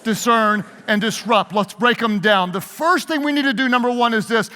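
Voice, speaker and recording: A man's voice: very high-pitched, normal speed, pushed and bright. A man preaching a leadership sermon, leading his audience in call-and-response. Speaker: pastor. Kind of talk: sermon-style leadership talk. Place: large hall with live audience. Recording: long hall reverb.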